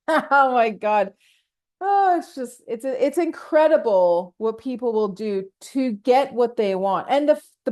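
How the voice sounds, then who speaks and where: Laughing, rambling woman podcast host. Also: on the high side. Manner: rambling, laughs often, animated quotes. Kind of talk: casual solo podcast talk.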